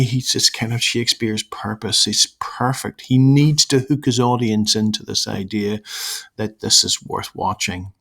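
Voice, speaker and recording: A croaky male teacher talks through a lesson, breaking off and restarting as he explains. His voice sits low and carries a gravelly edge. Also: fairly bright tone. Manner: explanatory, with frequent fillers and restarts. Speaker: English teacher. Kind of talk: recorded lesson explaining a play.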